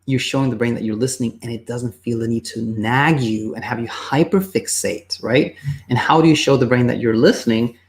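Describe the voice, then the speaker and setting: Gravelly-voiced male sleep coach. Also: medium pitch, a little mellow. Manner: casual, halting, acts out quoted voices. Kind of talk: answering viewer questions on video.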